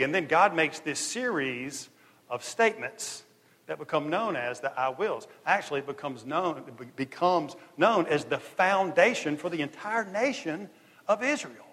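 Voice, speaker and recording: A male preacher delivers a lively sermon, slipping into voices and casual slang to act out the story. His voice sits a bit high for a man and rings with long reverb from a large hall. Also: normal speed. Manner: animated storytelling, acting out dialogue in casual slang. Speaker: pastor.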